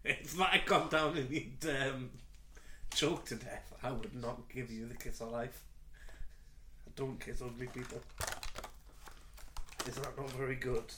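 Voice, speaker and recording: A man's voice: mid-range voice, fairly even intonation, unhurried, long pauses, bright, forceful tone. A man co-hosting a podcast, making dry, teasing wisecracks in casual chat. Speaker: podcast co-host. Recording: echoey room with faint noise.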